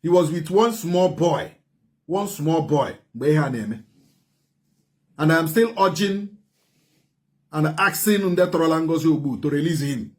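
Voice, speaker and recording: Animated Igbo-accented man commentating. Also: on the high side. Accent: Nigerian, Igbo. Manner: animated, rapid bursts with repeated phrases. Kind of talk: impassioned commentary mixing English and Igbo.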